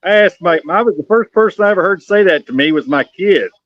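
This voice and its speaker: A middle-aged man, a veteran and father, telling a story in an animated, swearing way. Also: high voice, quick pace, dry recording. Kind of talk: casual chat. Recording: dry, dull lo-fi audio.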